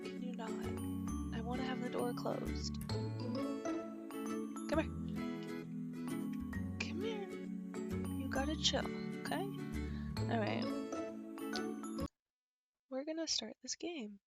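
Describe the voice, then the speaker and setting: A woman's voice: high-pitched, slow pace, long pauses, over loud music. A woman streaming a game from her bedroom on a headset, chatting awkwardly with lots of fillers and hiccuping now and then. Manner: awkward, rambling, many fillers. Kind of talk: casual live-stream chat.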